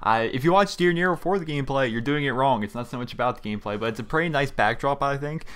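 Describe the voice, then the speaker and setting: Speaking fast in a smooth, fairly bright mid-range voice, a young YouTuber from Pennsylvania chats over gameplay in a small room at home. His commentary is casual and rambling, with lots of fillers and restarts.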